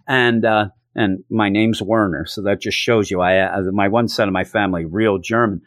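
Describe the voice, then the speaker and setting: A man casually recapping a comic book issue, chatting loosely and acting out the characters in quick put-on voices. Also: fairly low pitch, steady tone, fairly bright tone, dry recording, studio quality.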